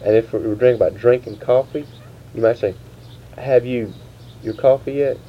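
Man asking dialect questions, halting, on a muffled old tape. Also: medium pitch. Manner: halting, restarts, slow quoted prompts. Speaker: interviewer. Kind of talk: dialect interview, grammar questions. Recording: dull lo-fi tape with faint hiss.

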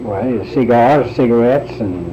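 A man, answering interview questions in a slow, plainspoken and thoughtful way. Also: mid-range voice, background noise.

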